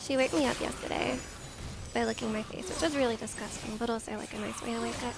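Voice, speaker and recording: Woman, game streamer, high voice, tired, casual swearing, noisy mic. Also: fairly even intonation, fast, vocal fry. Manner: chatty, swearing, talks to her dogs in a high baby voice. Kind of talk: casual gameplay commentary.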